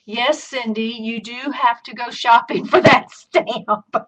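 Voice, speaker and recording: Her voice sits a little high and a bit bright, and she talks slowly. This is a live-streamed craft tutorial where a Southern woman chats folksily, laughing easily as she demonstrates, all captured in dull lo-fi stream audio.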